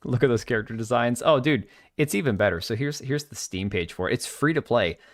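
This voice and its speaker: A man's voice: medium pitch, brisk, no echo, studio quality. A man hosting a live stream, talking in a blunt, mocking, ranting way as he reacts to the news. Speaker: livestream host. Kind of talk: casual live stream commentary.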